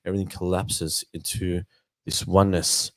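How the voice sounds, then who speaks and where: A man's voice: low voice, level tone, moderate pace, no echo. A man hosting a reflective spiritual book discussion. He muses in a meandering way, repeats words and says "you know" often, and sometimes reads passages aloud.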